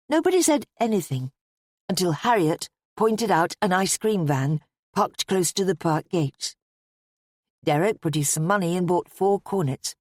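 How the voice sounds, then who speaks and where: A woman reading an audiobook in a measured, even narration style. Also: lowish voice, no room sound, studio quality. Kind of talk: scripted narration.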